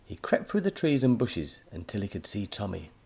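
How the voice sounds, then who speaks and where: A man narrating a children's audiobook in a lively storytelling manner. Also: fairly low pitch, normal speed, gravelly, breathy edge.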